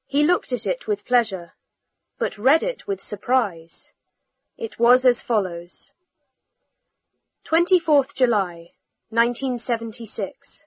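A woman reading a textbook story aloud for a language lesson, carefully enunciated and lively in the dialogue. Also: a little high, no room sound. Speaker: reader of a language lesson text. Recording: dull, slightly lo-fi recording.

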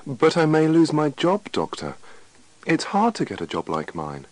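A man's voice: fairly high pitch, wildly swooping pitch, normal speed, no echo, pitched above the performer's own voice, rough recording. A man voicing an anxious, overworked male patient in a scripted dialogue reading, with a worried, pleading manner.

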